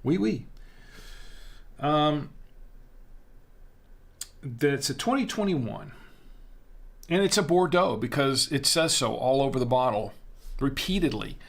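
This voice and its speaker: A man's voice: medium pitch, expressive, normal speed, gravelly. A man hosting a casual wine-tasting livestream, rambling with fillers and restarts as he reads out viewer chat.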